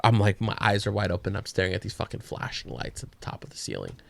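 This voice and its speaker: Gravelly-voiced man telling a story. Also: on the low side, fast talker, dry recording. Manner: animated, profane, slangy storytelling. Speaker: podcast co-host. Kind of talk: casual storytelling.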